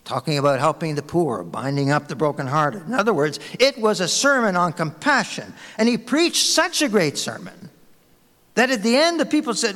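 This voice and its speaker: Pastor, male, sermon: anecdotal and conversational, animated, a little high, in a long-reverb hall. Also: moderate pace. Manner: storytelling, conversational, warm anecdotes.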